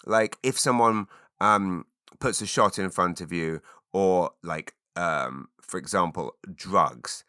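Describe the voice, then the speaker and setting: A man with a low voice that has a sharp, bright edge. He chats alone to his listeners, rambling and animated, and breaks into sudden loud exclamations. The sound is dry and close, with no room echo. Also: slow, smooth. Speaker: podcast host. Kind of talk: solo chat answering listener questions.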